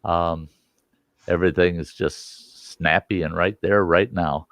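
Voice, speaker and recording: A man's voice: low voice, fairly even intonation, takes it slowly, fairly bright tone, dry recording. A man hosting a livestream, chatting casually and rambling through step-by-step tech explanations at his computer. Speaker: livestream host. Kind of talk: casual chat.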